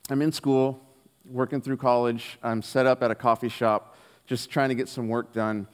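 A man preaching a sermon, telling a personal story in an earnest way and dropping his voice softly on the key lines. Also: medium pitch, little pitch movement, normal speed, smooth. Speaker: pastor. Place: church hall. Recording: long hall reverb.

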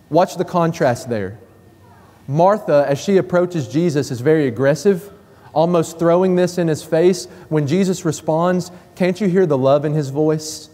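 High-voiced man preaching a sermon. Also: measured pace, warm tone. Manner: emphatic, repeating key phrases. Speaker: pastor. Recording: long reverb of a church hall.

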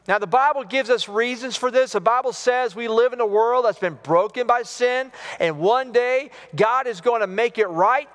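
A man's voice: extremely high pitch, normal speed, hardly any pauses, fairly bright tone. A man preaching a sermon as pastor, earnest and questioning, with stumbling restarts. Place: church sanctuary. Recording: long hall reverb.

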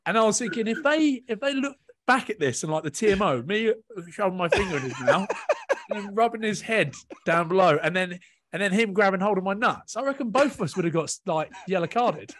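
A rugby player on a podcast panel, chatting casually and telling animated, laughing stories with acted-out quotes. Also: male voice, high voice, fairly quick.

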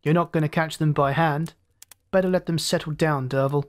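A storyteller voicing a grim male first mate in an audiobook, speaking crisply and urgently. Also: medium pitch, fairly even intonation, fairly quick, close to an everyday voice.

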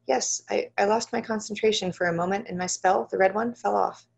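A woman's voice: medium pitch, fairly even intonation, a little fast, gravelly, slightly rough. A woman voicing a frightened young apprentice sorceress. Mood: anxious. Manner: shaken, faltering, pleading. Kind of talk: audiobook-style reading.

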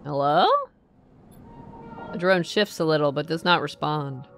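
A woman's voice: low-pitched, a little slow, faint music behind. A woman streamer playing a story game, reading the narration aloud and musing casually to herself.

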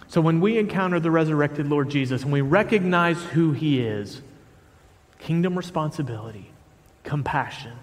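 A man delivering a sermon from the pulpit, his voice sitting a little high for a man. He reads scripture with swelling force and then drops to plain, direct talk with the congregation. The sound rings with the long reverb of a large sanctuary. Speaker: pastor. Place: church sanctuary.

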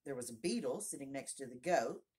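A woman reading a children's classic aloud, expressive and giving each character its own voice. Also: extremely low pitch, brisk, slightly rough. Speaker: narrator, audiobook reader. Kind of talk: storybook read-aloud.

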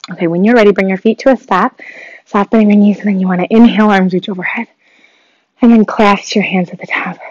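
A woman fitness instructor leads a home workout in an upbeat, encouraging voice, breathing a little hard as she moves along. Her voice sits slightly high, and the recording is dry with very little room sound. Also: dry recording, dull audio. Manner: upbeat, encouraging coaching while exercising. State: breathing heavily.

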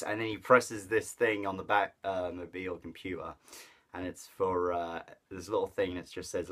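At a moderate pace, a movie reviewer with a very deep voice wanders casually through his thoughts on a film, stumbling, circling back and using lots of fillers. He gets excited over favorite moments and laughs as he retells the jokes.

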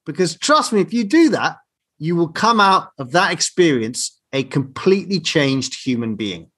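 A man's voice: fairly high pitch, big pitch swings, fairly bright tone, breathy edge. A male podcast host in reflective conversation, speaking thoughtfully and often ending with "right?". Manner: thoughtful, drawn-out phrasing, asks tag questions. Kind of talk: reflective interview chat.

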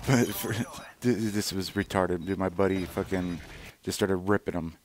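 A man's voice: deep voice, steady tone, moderate pace, slight background noise. A man casually commenting over gameplay footage, rambling and swearing freely, with lots of fillers and restarts. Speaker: gaming channel host.

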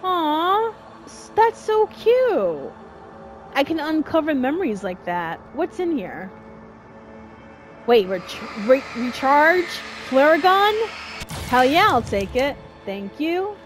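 A woman plays a horror game and chats her way through it, talking to herself and yelping when things go wrong. Her voice is high and swings widely in pitch. She speaks at an unhurried pace. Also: faint music behind. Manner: excitable, yelps and shouts at the game; chatty, talks to herself and the game character. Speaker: gamer playing a horror game. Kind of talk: casual let's-play commentary.

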